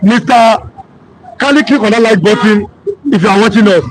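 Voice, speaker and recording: A man's voice: high-pitched, normal speed, noisy background. A man co-hosting a live-stream chat, talking hesitantly with many ums. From Nigeria. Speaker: co-host.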